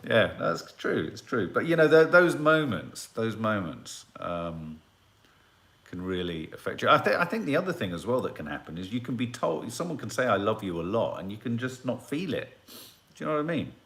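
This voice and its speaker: A man's voice: on the low side, very animated, normal speed, creaky, a bit bright. A middle-aged man, hosting a casual live chat and musing as he reads out viewer comments.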